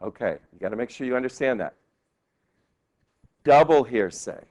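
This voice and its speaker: A male law professor giving a classroom lecture, lively and quizzing his students with questions. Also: mid-range voice, moderate pace. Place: law school lecture hall.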